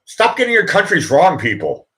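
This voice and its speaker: Guy doing a loud pushy talk radio pundit, pitched way up and bouncy, barking out answers. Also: huge pitch swings, moderate pace, exaggerated voice. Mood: scolding. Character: blustering male radio pundit impression.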